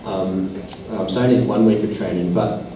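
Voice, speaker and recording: A man's voice: on the low side, steady tone, a little fast. A man with an Australian accent answering questions on a convention panel in a rambling, self-deprecating way. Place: convention hall. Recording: echoey hall from far off, noisy.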